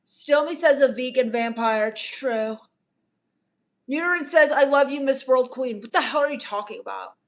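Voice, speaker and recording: This is improvised livestream comedy: a woman comedian takes on the character of a bratty teenage streamer wrapped up in herself. She speaks in a high voice at normal speed, reading viewers' comments aloud in a dismissive, snarky manner.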